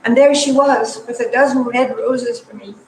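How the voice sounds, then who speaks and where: A woman's voice: a little high, steady tone, moderate pace. An older woman telling an emotional personal story at a church meeting. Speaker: parishioner. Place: church hall. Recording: echoey hall, mic from far off, noisy.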